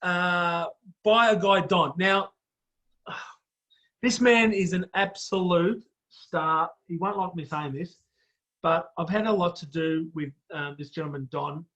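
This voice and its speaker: A man's voice: high-pitched, slow, a bit bright. An Australian man hosting a casual podcast chat, blunt and blokey, calling everyone mate. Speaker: host.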